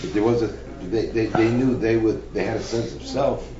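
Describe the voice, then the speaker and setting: A man's voice: on the low side, normal speed, echoey room, highs cut off, noisy background. A man in a study class asking questions, stammering and repeating words as he searches for them.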